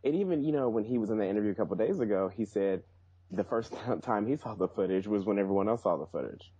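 Opinionated guy, husky and low, dead dry lo-fi mic. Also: lively intonation, fast, dark tone. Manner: emphatic, opinionated. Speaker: podcast guest. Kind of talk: casual chat. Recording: dull lo-fi, dry sound.

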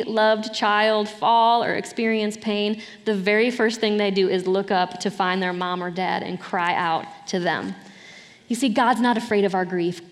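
A woman's voice: medium pitch, big-room sound. A middle-aged woman pastor preaching a sermon in an earnest, conversational way, with light laughs between points.

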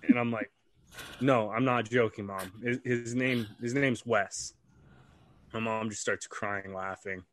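A man's voice: fairly low pitch, a little slow, dry recording. A young man, a podcast co-host, telling a casual story with lots of swearing and acted-out quotes. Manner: animated, swears freely, acts out quoted voices.

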